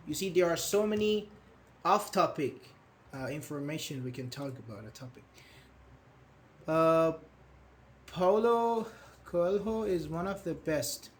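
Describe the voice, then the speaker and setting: A man's voice: on the high side, lively intonation, measured pace, pauses often, a little hiss or hum. A man teaching an online grammar class, patiently explaining with examples and praising his students. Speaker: English teacher.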